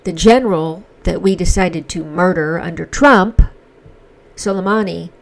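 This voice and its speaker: A woman hosting a commentary channel delivers an emotional opinion monologue in a lowish, slightly slow voice with vocal fry. She sounds impassioned and indignant, hammering her points home with emphasis.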